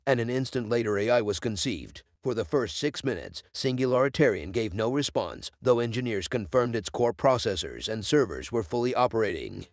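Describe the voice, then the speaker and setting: A man's text-to-speech voice giving scripted narration of a story in a steady, even reading. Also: mid-range voice, dry recording, clean studio sound.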